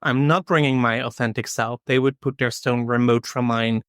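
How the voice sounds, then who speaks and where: A man co-hosting a podcast, talking in a calm, measured way with dry humor. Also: mid-range voice, clear, resonant tone, no room sound. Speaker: podcast co-host. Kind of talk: casual chat.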